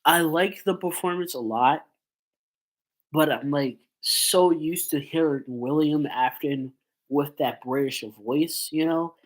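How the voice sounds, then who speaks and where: A man's voice: fairly high pitch, takes it slowly, rough recording. A man with a stuffy nose from a cold, chatting in a rambling casual commentary vlog with lots of fillers. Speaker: YouTuber.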